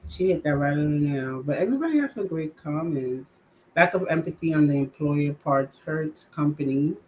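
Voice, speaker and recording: A woman's voice: sits low, expressive, moderate pace, a little mellow, a little hiss or hum, poor audio. A woman hosting a casual live chat show, reading viewer comments and talking conversationally with frequent agreeing interjections.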